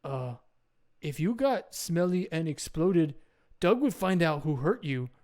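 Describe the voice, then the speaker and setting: A man's voice: on the high side, big pitch swings, measured pace, a little mellow. A man voicing a dim-witted male cave troll who talks of himself in broken third-person speech. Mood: simple.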